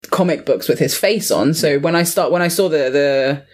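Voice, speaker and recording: Animated woman arguing about a film. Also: sits low, moderate pace. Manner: animated, swearing, laughing, argumentative. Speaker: podcast co-host. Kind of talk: casual film review chat.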